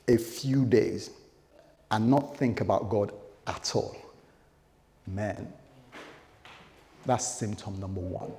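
A man's voice: medium pitch, a little mellow, big-room sound. A man preaching a sermon as pastor, in a loose conversational way, acting out quoted dialogue.

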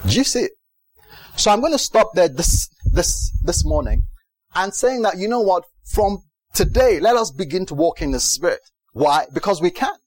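A man's voice: high-pitched, very animated, normal speed, darkish tone, no echo, poor audio. A middle-aged male pastor preaching a sermon, telling stories with acted-out quotes and bursts of laughter.

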